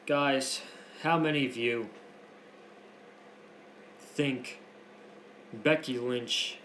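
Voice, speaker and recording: A man's voice: mid-range voice, drawn-out words, a bit bright. Heated man ranting wrestling news. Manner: heated, opinionated, repeats himself for emphasis. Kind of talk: casual news commentary. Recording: echoey room with faint noise.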